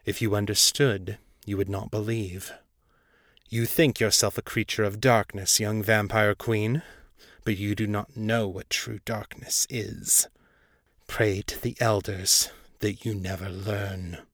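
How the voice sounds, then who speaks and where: A man voicing a cold, patronizing ancient devil prince with a low, unrelenting voice. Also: expressive, unhurried, a bit bright, no echo, clean studio sound. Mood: cold menace.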